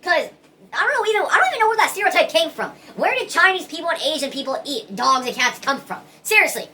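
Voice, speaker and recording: A woman's voice: extremely high pitch, sing-song, fast, bright, forceful tone, slight background noise. A woman talking straight to camera in a casual opinion vlog, earnest and rambling, restarting her sentences often. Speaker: vlogger.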